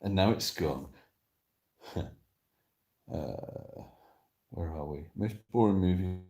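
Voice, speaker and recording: A man's voice: sits low, slow, darkish tone. A man hosting a casual live stream from his sofa at home, rambling about films as he reads viewers' comments aloud and answers them.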